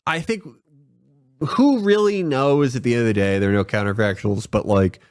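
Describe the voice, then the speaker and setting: A man on a livestream as a guest, riffing sarcastically in casual chat with deadpan jokes and lots of fillers. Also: medium pitch, moderate pace, clean tone. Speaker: guest commentator.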